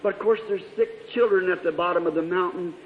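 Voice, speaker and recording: A man preaching a sermon, telling stories fervently and swinging from hushed to shouting. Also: high-pitched, fairly quick. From Indiana. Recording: echoey hall, dull lo-fi old tape.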